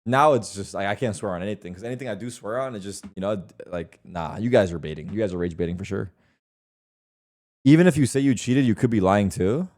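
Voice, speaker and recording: A man's voice: fairly low pitch, fast talker, a little mellow. A young man streaming live, bantering with his chat in a loose, defensive way and swearing freely.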